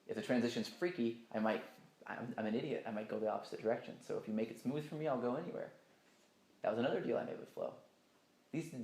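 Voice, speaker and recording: A man's voice: mid-range voice, darkish tone, reverberant. A man telling a personal story in a casual, rambling and emphatic way, swearing often.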